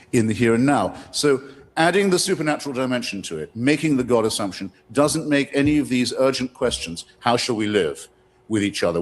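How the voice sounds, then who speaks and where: Eloquent man in an echoing hall. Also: medium pitch. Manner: eloquent, measured, articulate. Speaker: debater. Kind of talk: formal public debate. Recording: reverberant debate hall.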